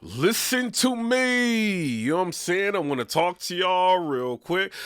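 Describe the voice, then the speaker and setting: Man, vlog host, high pitch, bright, rambling, casual commentary. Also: sing-song, measured pace, hardly any pauses, smooth, dry recording, studio quality. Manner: rambling, with frequent "you know what I'm saying" fillers.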